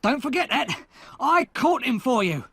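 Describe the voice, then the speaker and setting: A man reading an audiobook, voicing a hard, defiant escaped convict who talks loudly and forcefully. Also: high voice, expressive, a little slow, no echo, pitched above the performer's own voice, full character voice. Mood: shouting. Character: fierce hard old male escaped convict.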